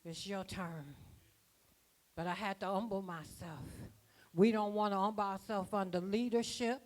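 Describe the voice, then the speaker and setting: A woman's voice: mid-range voice, steady tone, moderate pace, a little mellow. A woman preaching a sermon at a church conference, folksy and rhythmic, with plain dialect grammar. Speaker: apostle preaching.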